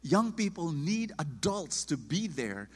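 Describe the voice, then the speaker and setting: A man preaching a sermon, emphatic and animated, acting out quoted voices. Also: a little high, slow, husky, big-room sound.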